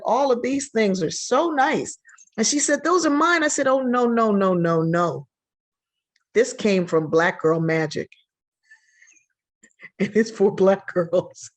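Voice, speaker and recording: An older woman, a sociologist guest on a podcast, telling stories with energy and acting out the voices she quotes. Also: a little high. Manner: animated, acts out quoted voices. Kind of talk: storytelling in a podcast interview.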